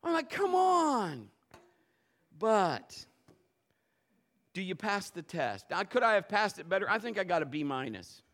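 A middle-aged man preaching a sermon as a pastor, telling a story and swinging from low murmurs to loud outbursts. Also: huge pitch swings, measured pace, long pauses.

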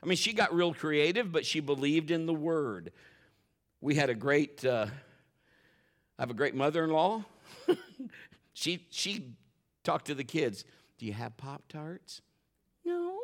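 A middle-aged man preaching from the pulpit with a somewhat high voice. He tells a story with emphasis, at times loud and exclaiming, at times dropping low and hushed. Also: lively intonation, a little slow, long pauses. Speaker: pastor. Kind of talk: sermon storytelling.

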